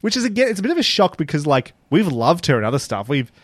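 A man's voice: fairly high pitch, fast talker, no echo. Aussie guy ranting about a tv show, laughs a lot, swears, dry close mic. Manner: animated, swears, laughs often. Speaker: podcast co-host. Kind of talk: casual chat reviewing a TV show.

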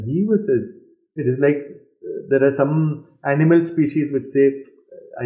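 Malayali man with a mellow voice, echoey room. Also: mid-range voice. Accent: Malayali Indian English. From Kerala, India. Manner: reflective, laughs often, many fillers and restarts. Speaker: interviewee, singer. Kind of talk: casual interview answers.

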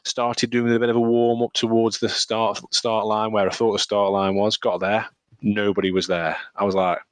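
A man's voice: lowish voice, level tone, normal speed, no room sound. A man from England on a podcast, telling a rambling running story with lots of laughter and repeated words. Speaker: podcast co-host. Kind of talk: casual chat, storytelling.

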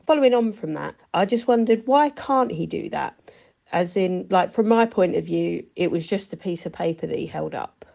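A woman with a low, mellow voice that has a gravelly edge, asking a listener's question on a podcast. She sounds polite and curious, building her question step by step. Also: expressive, moderate pace. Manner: polite, inquisitive.

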